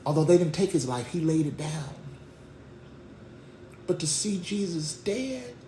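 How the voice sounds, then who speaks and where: A man preaching a sermon, retelling scripture in lively slang and acting out the voices of the people in the story. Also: a little high, a little slow, a little hiss or hum. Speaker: pastor. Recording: echoey room with faint ambience.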